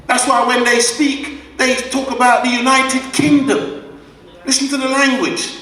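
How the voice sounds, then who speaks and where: A man's voice: extremely high pitch, flat delivery, a little slow, pushed and bright. A man giving an emphatic, preacher-like public address to a live audience, who answer him back. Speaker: guest speaker at a community event. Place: community hall. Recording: echoey hall, voice from far off.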